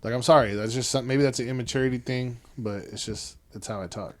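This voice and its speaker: A man's voice: medium pitch, steady tone, fast talker. A man in his thirties, a father hosting a podcast, chatting casually with his son, swearing freely and calling him "bro". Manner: laid-back, swears freely, says "bro".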